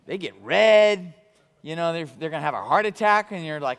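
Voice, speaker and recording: A man preaching a sermon as pastor, animated and conversational, swinging between excitement and quiet earnestness. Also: a little high, moderate pace, clean tone. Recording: long hall reverb.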